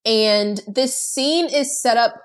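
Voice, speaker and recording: A woman's voice: fairly high pitch, takes it slowly. A woman co-hosting a podcast, casually recapping a movie with plenty of swearing and laughter. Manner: profane, laughing storyteller. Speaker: podcast co-host.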